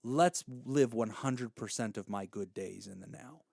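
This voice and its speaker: A man's voice: on the low side, unhurried, gravelly, a little mellow, no room sound, studio quality. A man in his thirties hosting an advice podcast, telling stories and giving counsel in an earnest, heartfelt way.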